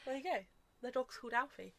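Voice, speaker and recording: A woman's voice: sits high, expressive, quick pace, creaky, fairly bright tone. A woman in her twenties co-hosting a podcast, chatty and teasing, laughing often. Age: 20s. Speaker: podcast co-host. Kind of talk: casual chat.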